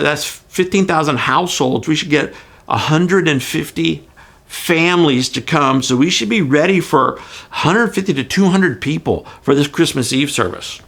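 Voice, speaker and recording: A middle-aged man, a pastor telling a personal story in a folksy, animated way with frequent restarts. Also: a little high, gravelly. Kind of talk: devotional storytelling.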